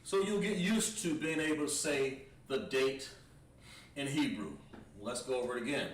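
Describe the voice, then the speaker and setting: A man teaching a livestreamed Hebrew language class, slowly drilling words with lots of repetition. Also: mid-range voice. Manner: slow, repetitive, drawn-out pronunciation drills. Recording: roomy echo, distant mic, faint background noise.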